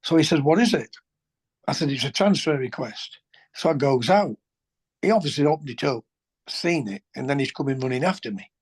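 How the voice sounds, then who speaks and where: A man, a former footballer telling colloquial, animated anecdotes as an interview guest. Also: medium pitch, a little fast, husky. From England. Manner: animated, colloquial, swears, restarts sentences. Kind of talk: anecdotal storytelling.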